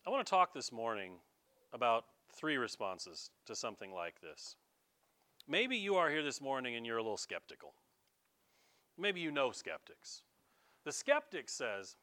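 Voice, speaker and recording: A man preaching a sermon, animated and acting out the voices he quotes, stumbling over quick restarts. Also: mid-range voice. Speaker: pastor.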